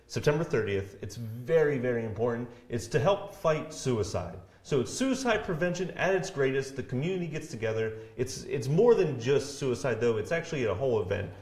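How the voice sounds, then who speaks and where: A man's voice: mid-range voice, a little fast, hardly any pauses. A man co-hosting a local TV live show, chatting casually and teasing his co-hosts, recorded in an echoey room. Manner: joking, animated, teasing. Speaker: co-host of a county TV live show.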